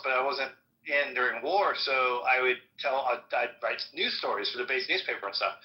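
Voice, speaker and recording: Fast-talking, bright-voiced man. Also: medium pitch, poor audio. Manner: profane, fast, chatty. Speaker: host, Marine veteran. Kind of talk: casual storytelling.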